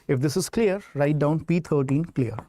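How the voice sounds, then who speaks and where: A man's voice: on the high side, normal speed, mellow. A man with an Indian English accent, teaching English grammar in an online exam-prep lesson, explaining step by step and checking that students follow.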